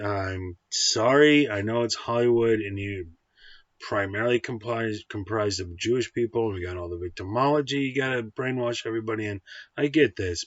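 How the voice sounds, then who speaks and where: Blunt, profane, and combative, this man's film review comes in a casual ranting style from a movie reviewer with a fairly low voice. There's no room sound, and the audio is dull, dry, and lo-fi.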